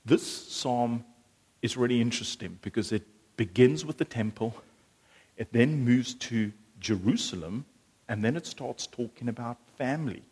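A man preaching a sermon, animated and lively at times, then hushed and earnest. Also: medium pitch, moderate pace, husky. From South Africa.

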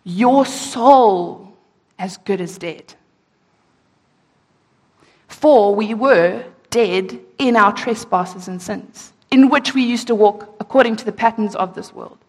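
Woman preaching slow and emphatic, kinda husky, echoey hall. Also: mid-range voice. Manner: slow, emphatic reading of scripture with rhetorical questions. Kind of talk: sermon.

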